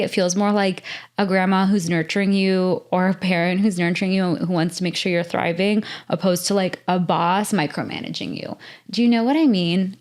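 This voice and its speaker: A young American woman hosting a solo podcast, talking in an earnest, chatty way with lots of filler words. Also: medium pitch. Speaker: podcast host. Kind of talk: casual solo podcast talk.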